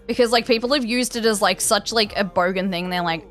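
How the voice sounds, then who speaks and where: A woman's voice: mid-range voice, fairly quick, few pauses, fairly bright tone, faint music behind. An Australian woman streamer chatting casually with her live viewers, rambling with plenty of fillers and restarts. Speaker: game streamer.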